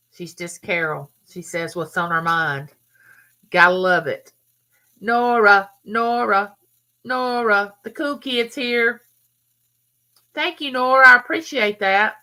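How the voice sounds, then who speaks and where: A woman's voice: mid-range voice, slow pace, pushed and bright. A woman with a Southern US accent, from Mississippi, hosting a casual live chat and chattily greeting viewers by name. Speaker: livestream host.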